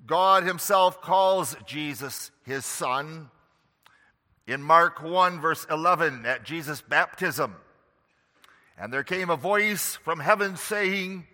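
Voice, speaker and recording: A man preaching a sermon slowly and emphatically, pressing hard on key words. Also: fairly high pitch, pushed and bright, big-room sound. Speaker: pastor.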